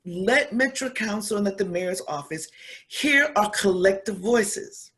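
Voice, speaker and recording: A woman's voice: mid-range voice, expressive, measured pace, fairly bright tone. A woman giving an earnest advocacy speech, repeating phrases for emphasis and growing emotional. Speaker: community speaker.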